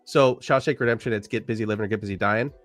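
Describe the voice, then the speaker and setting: A man talking as a podcast guest in a casual conversation, an animated storyteller who swears freely and acts out quotes. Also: lowish voice, quick pace, no room sound, faint music behind.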